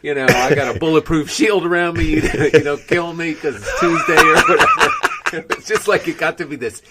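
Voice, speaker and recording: A man, a comedian guest on a podcast, chatting casually with lively swearing and bursts of laughter. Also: a little high, normal speed, very noisy. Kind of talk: casual chat.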